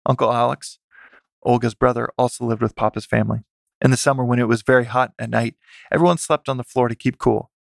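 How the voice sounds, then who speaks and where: Male memoir reader, plain steady delivery, dry close sound, slight fry. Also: mid-range voice, fast, no echo. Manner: plain, steady reading with occasional self-corrections. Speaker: narrator. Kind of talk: reading a family memoir aloud.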